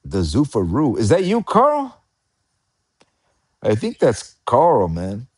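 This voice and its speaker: A man with an American accent chatting casually about boxing, excitable and rambling, often repeating himself. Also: mid-range voice, slow, slightly rough. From United States. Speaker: boxing commentator. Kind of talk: casual live chat.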